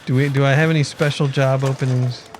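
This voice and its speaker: A man's voice: mid-range voice, steady tone, brisk, a little hiss or hum. A man giving casual commentary on his city-building game, thinking aloud and chatting to his villagers as he plays. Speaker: let's play gamer.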